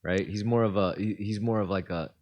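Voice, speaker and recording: A man's voice: on the low side, fairly even intonation, fairly quick, darkish tone. A man co-hosting a podcast, chatting casually and joking around, playing with foreign words. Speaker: podcast co-host. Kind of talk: casual chat.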